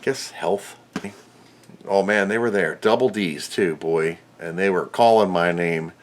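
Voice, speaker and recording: A man's voice: sits low, a little slow. Rambling man at a repair bench. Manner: rambling, self-mocking, mutters while working. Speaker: electronics repair host. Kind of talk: casual workbench narration.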